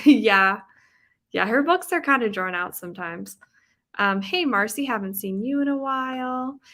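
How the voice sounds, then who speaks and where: Young female streamer, bubbly and giggly, bright voice, casual chat with viewers. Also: medium pitch. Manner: bubbly and chatty, laughs often. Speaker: livestream host reading with viewers. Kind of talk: casual chat reading chat messages aloud. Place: home, with rain sounds.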